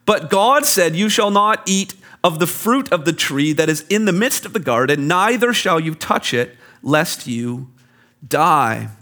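A man preaching a sermon from Canada, animated and explaining scripture with everyday examples. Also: on the high side, unhurried. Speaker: pastor. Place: church.

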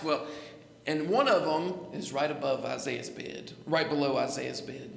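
Gravelly high-voiced preacher. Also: male voice, a bit bright. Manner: preaching with call-and-response, repeating phrases. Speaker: pastor. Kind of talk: sermon. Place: church sanctuary. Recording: echoey church hall.

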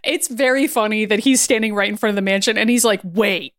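A woman's voice: fairly high pitch, fast talker, dry recording, clean studio sound. A woman co-hosting a podcast, chatting casually and joking while she acts out quotes. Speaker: podcast co-host. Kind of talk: casual chat recapping a cartoon.

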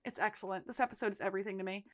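A woman's voice: medium pitch, fairly even intonation, rapid-fire, no room sound, clean studio sound. A woman co-hosting a podcast, recapping a TV episode in casual chat, emphatic and laughing often, swearing freely. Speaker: podcast co-host.

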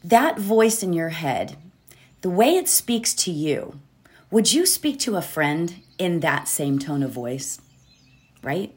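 A woman hosts a positivity podcast, talking casually and motivationally, rambling a bit and often checking in with "right?" and a laugh. Her lowish voice swings widely in pitch, has a darkish tone, and takes things slowly.

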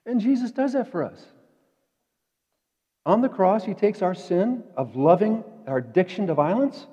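A man preaching a sermon in a conversational way, dropping to quiet asides and rising to emphatic peaks. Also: high-pitched, lively intonation, moderate pace, husky. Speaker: pastor. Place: church sanctuary. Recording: dull echoey church hall.

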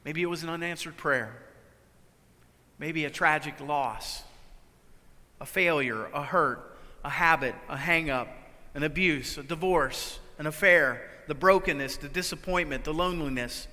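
A man preaching a sermon, swinging between loud, urgent lines and hushed, quiet ones. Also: on the high side, a little slow, big-room sound. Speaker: pastor.

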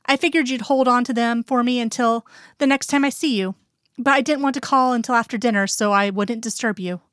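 A woman voicing a fretful older mother on the phone, gentle and urging, read in her own voice in a dry room. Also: on the high side, steady tone, a little fast, no room sound, natural voice. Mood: worried, gentle.

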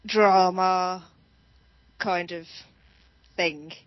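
A woman's voice: on the low side, fairly even intonation, extremely slow, no echo. A woman co-hosting a casual movie chat, chatty and giggly, stumbling over foreign names. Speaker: podcast co-host. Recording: dull lo-fi, dry sound.

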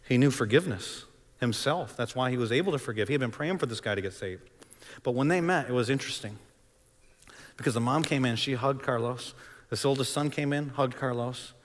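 A man preaching a sermon, telling a story dramatically and swinging between loud and hushed delivery. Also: medium pitch, a little fast, long reverb tail. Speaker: pastor.

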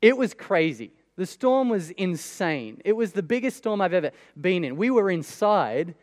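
High-voiced man preaching. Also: big pitch swings, normal speed, darkish tone, long reverb tail. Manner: conversational preaching, rhetorical questions. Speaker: pastor. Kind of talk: sermon.

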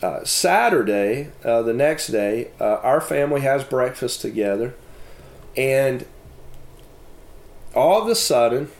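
A man shares a personal testimony and reads scripture aloud, speaking haltingly and restarting his sentences. His voice sits at a middling pitch. The room around him adds a clear echo. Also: animated. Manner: halting, with many fillers and restarts. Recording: echoey room.

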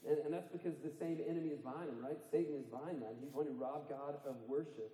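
Animated preacher man in an echoey hall. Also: fairly high pitch, fast talker, hardly any pauses. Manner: animated, rising to emphatic near-shouts, laughs at own jokes. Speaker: pastor. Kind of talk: sermon. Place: church sanctuary. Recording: echoey church hall with long reverb.

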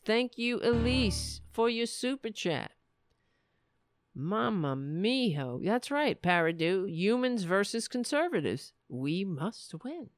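A woman's voice: mid-range voice, dry recording, studio quality. A woman hosting a political livestream, ranting sarcastically with plenty of profanity and answering viewers' chat messages. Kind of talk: casual livestream commentary.

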